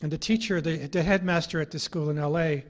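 A middle-aged man lectures to an audience in a wry, ironic storytelling manner. His voice sits a bit higher than most men's. He is an author spinning anecdotes for a crowd. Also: steady tone, brisk. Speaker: author giving a talk.

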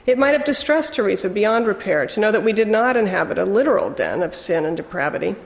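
Brief: wry, measured first-person audiobook narrator, woman, mid pitch. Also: creaky, big-room sound.

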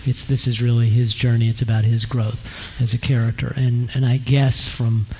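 A man, a screenwriter guest, telling stories in a relaxed, anecdotal way during a casual onstage conversation. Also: medium pitch, moderate pace, slight background noise.

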